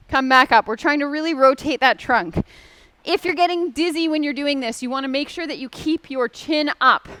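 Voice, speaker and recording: A young woman with a Canadian accent coaches an exercise class in a high, bright voice. She calls out moves and counts with upbeat encouragement. The sound is close and dry, with no room echo. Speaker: exercise instructor.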